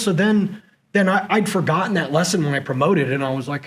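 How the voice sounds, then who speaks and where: A man, a former SEAL leader and podcast guest, telling leadership stories in an animated way and acting out the dialogue. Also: on the high side, quick pace, poor audio. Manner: animated storyteller who acts out quoted dialogue. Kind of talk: conversational interview storytelling. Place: conference venue.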